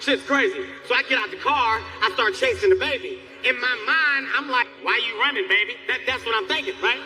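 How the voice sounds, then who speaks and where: A man doing stand-up comedy, telling stories in an animated, profane way with sudden high excited exclamations. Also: big-room sound. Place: stage before a live audience.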